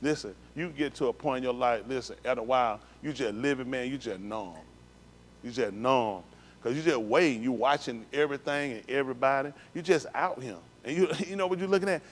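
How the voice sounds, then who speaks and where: A man's voice: mid-range voice, a little fast, slight background noise. Emphatic man giving street-talk testimony. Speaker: congregation speaker giving testimony. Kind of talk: personal testimony to a congregation. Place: synagogue livestream.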